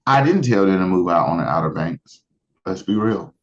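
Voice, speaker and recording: A man co-hosting a casual podcast chat, making offhand, deadpan asides. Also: deep voice, moderate pace. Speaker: podcast co-host. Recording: slightly dull lo-fi mic.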